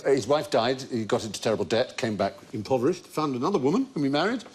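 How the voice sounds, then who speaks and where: A man's voice: mid-range voice, expressive, fast talker. An older man hosting a panel quiz show, telling anecdotes in an erudite, storytelling way and laughing often. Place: TV studio before a live audience. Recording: studio audience and faint noise.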